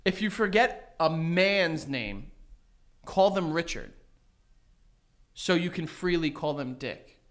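Male podcast co-host, lively pitch, rambling storyteller, casual. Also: slow pace, long pauses. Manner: rambling, filler-heavy storytelling. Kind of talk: casual comedic chat.

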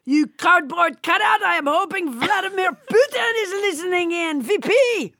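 A woman voicing a blustering, vain male hand-puppet president with a put-on French accent, shouting and petty. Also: very high-pitched, expressive, moderate pace, no room sound, studio quality, pitched above the performer's own voice, full character voice.

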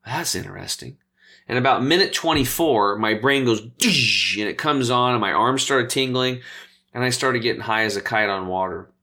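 A man, a health coach and interview guest, telling stories in a casual, animated way and acting out the voices of people he quotes. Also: mid-range voice, fairly quick.

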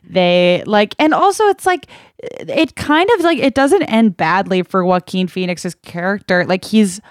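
A woman from Massachusetts co-hosting a podcast. She is quick and self-mocking, and her voice is at a middle pitch on a dry, close recording. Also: animated, dry recording. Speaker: podcast co-host. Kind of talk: casual comedic chat.

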